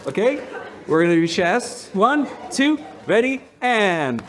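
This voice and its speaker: Pastor, male, high voice, leads a clapping game with the congregation, playful and laughing. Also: very animated, slow, a bit bright. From United States. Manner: playful, laughing, counting in the crowd. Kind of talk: leading a congregation in a rhythm game. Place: church hall with a congregation.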